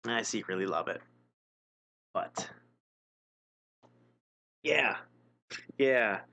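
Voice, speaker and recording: A man's voice: lowish voice, lively intonation, drawn-out words, vocal fry, bright, forceful tone. A man streaming live, reading an interactive gamebook aloud and chatting casually, wry and self-mocking with frequent chuckles.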